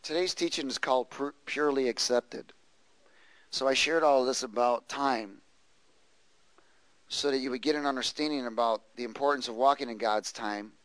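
A medium-pitched pastor with a fairly bright tone preaches at a moderate pace, reading scripture and leading call-and-response with the congregation. The recording is rough and lacks room sound.

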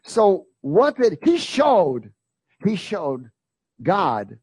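Male preacher, fairly high husky voice, dry close sound; emphatic sermon delivery with repeated lines and call-outs to the congregation. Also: wildly swooping pitch, very slow, darkish tone, no echo. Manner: emphatic, rhetorical questions to the congregation.

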